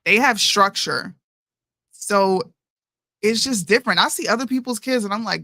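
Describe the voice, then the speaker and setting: A woman's voice: mid-range voice, moderate pace, sharp tone, no echo, studio quality. A woman in her thirties co-hosting a casual chat show, talking emphatically and calling people "bro". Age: 30s. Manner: emphatic, says "bro" a lot. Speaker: podcast co-host.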